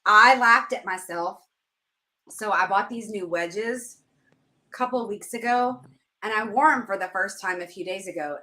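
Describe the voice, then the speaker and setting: A woman's voice: medium pitch, sharp tone. A woman hosting a show, telling a story in casual chat and laughing at herself as she goes. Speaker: podcast host.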